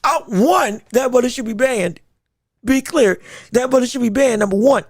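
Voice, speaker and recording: A man hosting a casual boxing podcast. He talks in an animated way, laughs a lot and often repeats his words. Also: very high voice, normal speed, no room sound, clean studio sound. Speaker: podcast host.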